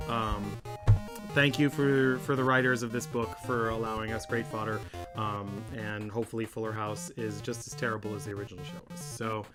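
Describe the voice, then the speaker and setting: A man co-hosting a casual comedy chat, talking quickly and joking with lots of laughs. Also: on the low side, little pitch movement, music in the background. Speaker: co-host.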